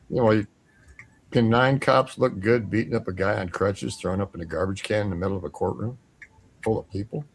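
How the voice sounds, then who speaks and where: A man's voice: fairly low pitch, fairly quick, breathy edge. A man telling a long story on a talk show, acting out the voices of the people he quotes. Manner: animated, acts out quoted voices. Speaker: guest.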